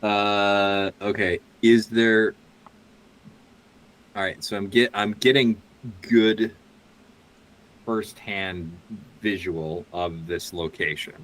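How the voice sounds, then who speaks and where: A man's voice: on the low side, fairly even intonation, takes it slowly, long pauses, a bit bright, rough recording. A man playing in a tabletop game, thinking aloud and correcting himself as he plans. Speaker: player. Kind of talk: casual chat at a tabletop game.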